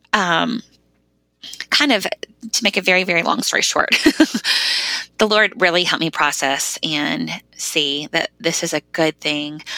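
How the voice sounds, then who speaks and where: A middle-aged woman shares a heartfelt personal story as a podcast guest, speaking casually and leaning on "like" as she talks. Her voice sits low with a gravelly fry and a bright, sharp edge, and it comes across dry and close. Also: no room sound. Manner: conversational, frequent "like" fillers.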